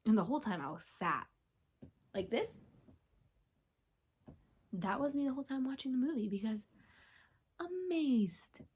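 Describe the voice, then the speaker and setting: A woman's voice: a little high, moderate pace, pauses often, slightly rough. Young female podcast host, chatty and giddy, talking at home with whispered asides. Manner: gushing, chatty, with sudden whispers and excited squeals. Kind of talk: casual chat.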